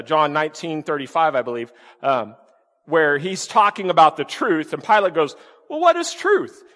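A man's voice: on the high side, a bit bright, long reverb tail. A man, a pastor, preaching an emphatic sermon, asking his listeners rhetorical questions and repeating key words.

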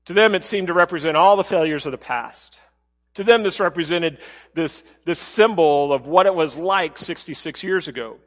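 Man, pastor, conversational sermon, fairly high voice, long hall reverb. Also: normal speed. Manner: conversational preaching, drops to a soft low voice for quoted words.

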